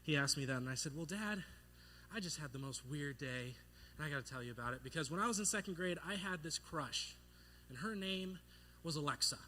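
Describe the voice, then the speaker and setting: A young male pastor delivers a sermon in a bright, forceful voice that sits a little high. He tells stories in a playful, animated way and acts out the voices of the people in them. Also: fast talker, slight background noise. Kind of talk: sermon with storytelling.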